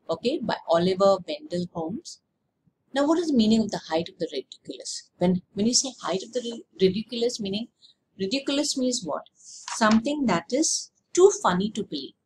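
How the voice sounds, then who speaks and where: A woman teacher explaining a lesson slowly, repeating words and checking with "okay?". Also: a little high, slight background noise, rough recording. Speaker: English teacher.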